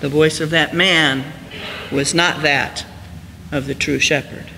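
A male pastor preaching a storytelling sermon, climbing high and loud for emphasis and then dropping soft and slow. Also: fairly even intonation, creaky. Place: church sanctuary. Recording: church hall reverb, faint hiss.

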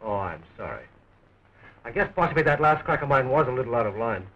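Fast-talking wisecracking young suitor. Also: male voice, mid-range voice, sing-song. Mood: tender. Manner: fast joking patter. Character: wisecracking young man fighting for his fiancée. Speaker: fiancé. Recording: dull old film soundtrack.

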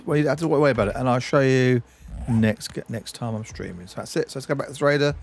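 A man's voice: mid-range voice, fast talker, creaky. A man streaming a game, giving chatty let's-play commentary and talking to himself and to objects on screen.

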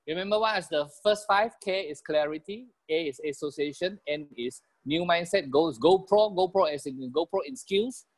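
Animated Malaysian-accented man giving a motivational talk. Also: on the high side, husky. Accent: Malaysian English. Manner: animated storyteller, chuckles, repeats key phrases. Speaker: motivational business trainer. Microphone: video call.

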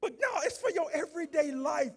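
A man preaching a sermon as pastor, moving from low, conversational talk to shouted, fervent preaching. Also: lively intonation, a little fast, vocal fry.

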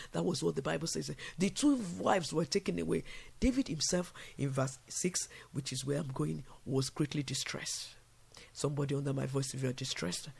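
A man preaching at a night prayer vigil, building to loud repeated declarations. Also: fairly high pitch, vocal fry, breathy edge. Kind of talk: fervent sermon and prayer.

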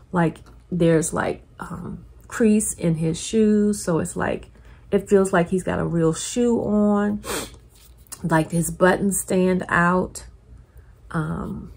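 A middle-aged woman chatting casually through an unboxing, gushing and repeating her delight in an excitable way. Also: lowish voice, slightly rough. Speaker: collector YouTuber.

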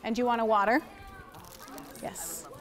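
A somewhat high-voiced woman runs a baby signing class indoors. She coaxes the little ones with bright, encouraging praise and turns to explain things to the parents in between. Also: huge pitch swings, normal speed, a crowd in the background. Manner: upbeat, coaxing and praising little children. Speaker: baby sign language teacher. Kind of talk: leading a toddler signing class.

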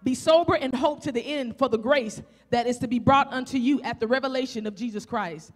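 A woman preacher with a Southern country accent, delivering a fervent sermon full of rhetorical questions, rising to shouts and drawing out scripture as she reads. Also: high voice, brisk. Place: church sanctuary. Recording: echoey church hall.

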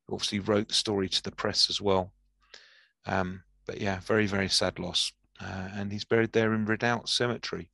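A man giving a history lecture, reading a soldier's memoir aloud with lively enthusiasm and acting out the quoted dialogue. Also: lowish voice, dry recording.

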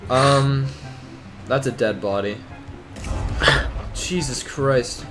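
A young man hosting a casual gameplay video, excitable and swearing, with panicky outbursts. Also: mid-range voice, drawn-out words, over loud music. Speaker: gaming video host.

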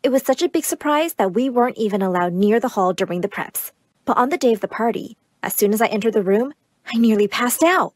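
A woman narrating an animated first-person story in an earnest storytelling manner. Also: fairly high pitch, brisk, no room sound.

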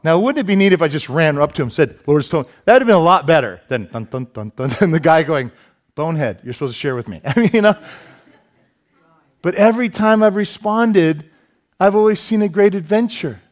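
A male pastor preaching a sermon, telling stories with lively asides and self-deprecating humor. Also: fairly high pitch, a little fast. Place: church sanctuary.

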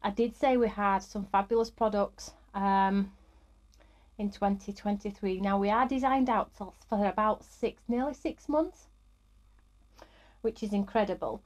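A woman's voice: medium pitch, steady tone, unhurried, darkish tone. A woman, middle-aged, hosting a live craft stream in an upbeat, chatty way and greeting viewers by name.

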